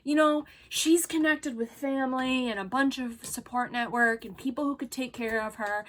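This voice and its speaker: A woman's voice: fairly high pitch, moderate pace, hardly any pauses, fairly bright tone. A woman venting in an emotional vlog, angry, sarcastic and swearing as she rants. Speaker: vlogger.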